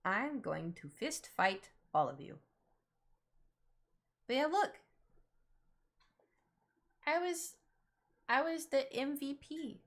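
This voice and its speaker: A woman's voice: high voice, lively intonation, slow, long pauses, fairly bright tone. A young woman with a slight Southern American accent, streaming games and chatting casually, fretting over how she pronounces words. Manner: chatty, self-conscious about her pronunciation. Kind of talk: casual gaming stream chat.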